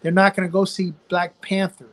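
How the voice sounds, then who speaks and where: High-voiced older Southern man. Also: flat delivery, moderate pace, low-quality recording. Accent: Southern US, Louisiana. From Louisiana. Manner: folksy, preachy, addresses the audience as folks. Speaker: physician guest. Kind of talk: live online Q&A chat.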